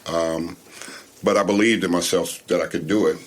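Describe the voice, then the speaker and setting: A man in his sixties, a former ballplayer, telling stories in a relaxed, casual interview. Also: deep voice, moderate pace. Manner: relaxed storytelling, casual grammar. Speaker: guest, former baseball player. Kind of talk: interview conversation.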